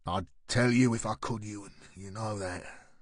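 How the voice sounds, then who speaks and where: A man voicing a weary older male police chief who speaks low and pleading. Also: steady tone, normal speed, no echo, clean studio sound, close to an everyday voice.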